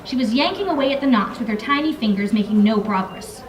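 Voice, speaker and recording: A young adult woman author reads aloud from her novel in a library room, breaking off between passages for casual asides full of fillers. Her voice is fairly high, expressive and fast. The room echoes, and the mic sits far away.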